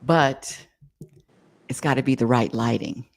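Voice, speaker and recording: Middle-aged woman co-host, playful, low voice, casual chat. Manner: playful, spells out words slowly.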